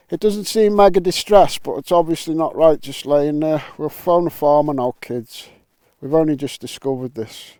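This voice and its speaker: A man's voice: a little high, moderate pace, mellow, no echo. A man filming his metal detecting vlog outdoors on a windy island, joking, bantering and swearing as he goes. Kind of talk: casual vlog commentary. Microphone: camera mic with wind muff.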